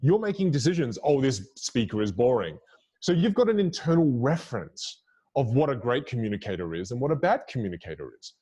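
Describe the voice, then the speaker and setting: Animated man coaching on communication. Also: mid-range voice, husky. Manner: emphatic, instructive, varies melody and pauses. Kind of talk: podcast interview.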